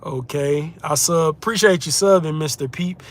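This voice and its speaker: A man's voice: a little high, normal speed. A young man from the United States hosting a casual livestream, reading out viewer comments in a laid-back, chatty way. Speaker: livestream host, content creator.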